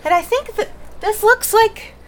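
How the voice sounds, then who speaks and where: A man's voice: very high voice, measured pace, a bit bright, slight background noise, pitched above the performer's own voice. A woman voicing a small, winded man who stammers in a frantic rush. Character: small breathless male townsperson.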